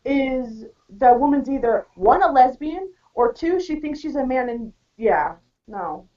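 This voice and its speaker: A woman's voice: sits high, animated, a little slow, mellow, distant mic. A woman on a round table panel, talking bluntly and at length in casual chat. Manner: blunt, outspoken, rambling. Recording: dull lo-fi audio from off-mic.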